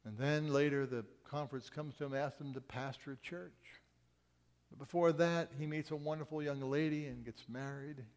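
A man preaching a sermon and telling stories, swinging between loud urgent quotes and quiet asides. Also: fairly high pitch, fairly even intonation, moderate pace, long reverb tail. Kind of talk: sermon storytelling.

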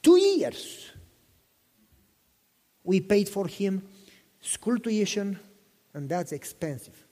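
High, animated preacher man in a hall. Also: slow, pauses often. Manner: impassioned storytelling, repeats himself, asks listeners questions. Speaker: pastor. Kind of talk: sermon. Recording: long reverb in a hall.

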